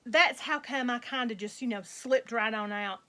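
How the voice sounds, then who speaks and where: A middle-aged woman, chatting casually to her viewers as the host of her own channel, gushing in a soft, drawn-out way. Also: a little high. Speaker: reborn doll collector and channel host.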